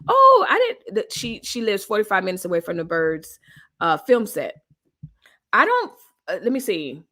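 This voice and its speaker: A woman's voice: medium pitch, huge pitch swings, normal speed, pushed and bright. A woman hosting a casual live news commentary stream, chatting colloquially with her viewers and reading their comments.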